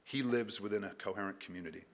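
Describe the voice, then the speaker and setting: A literature professor with a fairly low-pitched voice reads his conference paper aloud in a measured academic manner, adding a few casual asides as he goes.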